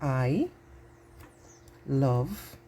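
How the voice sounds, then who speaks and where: A woman teaching a patient, exaggerated grammar lesson to young children, speaking slowly and clearly. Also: a bass voice, sing-song, dark tone, slight background noise.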